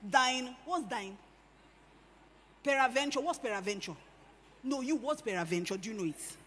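A woman preaching a sermon, animated, swinging between hushed lines and loud emphatic ones. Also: on the high side, normal speed. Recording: echoey hall with faint ambience.

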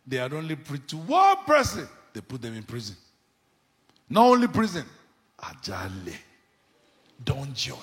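A man preaching a sermon with fervor, swinging between sudden shouts and hushed asides. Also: mid-range voice, huge pitch swings, measured pace, long pauses, big-room sound. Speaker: pastor. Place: church.

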